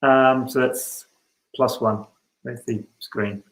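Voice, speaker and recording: A man's voice: medium pitch, steady tone, a bit bright. Self-correcting man with an echoey sound. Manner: self-correcting, apologetic, quick to laugh. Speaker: tabletop game player. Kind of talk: casual role-play chat. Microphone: video call.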